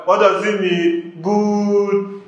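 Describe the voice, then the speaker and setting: A high-voiced Nigerian man barks questions at a class like a bossy teacher, pushing for answers over and over. His voice rings in a roomy, echoey space. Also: flat delivery, very slow, highs cut off. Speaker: comedian playing a fake French teacher. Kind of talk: comedy skit acting. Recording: roomy echo.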